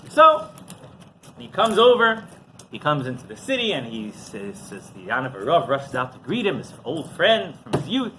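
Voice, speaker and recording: Animated rabbi telling a story. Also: male voice, fairly high pitch, a little hiss or hum. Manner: animated storyteller, quick asides to the audience. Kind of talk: storytelling Torah class.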